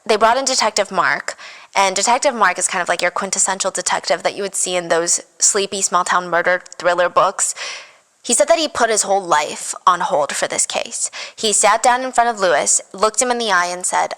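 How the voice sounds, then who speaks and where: A woman of middle pitch tells a true crime case as a podcast host. Her delivery is casual and animated, with dry, wry remarks dropped between the facts. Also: brisk, low-quality recording.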